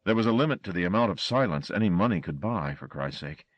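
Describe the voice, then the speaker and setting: A man narrating a horror audiobook with an expressive, dramatic reading. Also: low-pitched, fast talker, dry recording.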